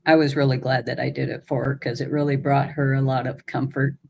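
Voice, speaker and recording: Casting note: middle-aged woman guest, plainspoken and modest, gravelly fry in the voice. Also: rumbling low, flat delivery, a little fast, a little mellow, highs cut off. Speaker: guest artist. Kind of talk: casual chat.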